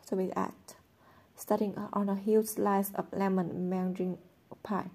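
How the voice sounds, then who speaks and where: A woman narrating a novel aloud in a steady, plain reading voice. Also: mid-range voice, measured pace, gravelly, slightly rough. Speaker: audiobook reader. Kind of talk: storybook narration.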